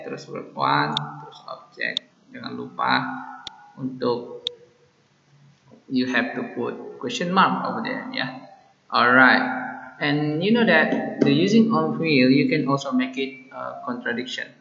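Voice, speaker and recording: Male teacher, unhurried and playful, roomy lo-fi sound. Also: mid-range voice, creaky. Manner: chatty, switches between English and Indonesian, playful asides. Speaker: English teacher. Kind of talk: bilingual grammar lesson. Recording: dull echoey room with faint noise.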